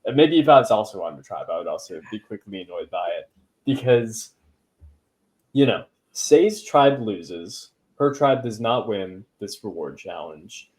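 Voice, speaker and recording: Rambling low-voiced male podcast host. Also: lively intonation, unhurried, darkish tone. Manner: rambling, lots of fillers and blah blah asides. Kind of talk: casual chat.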